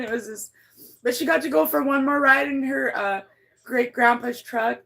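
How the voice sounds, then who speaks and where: Gravelly-voiced woman telling a story on a livestream. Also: moderate pace, fairly bright tone. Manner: rambling, blunt, swears freely, many restarts; emotional, voice climbs high when moved. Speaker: livestreamer reading her chat.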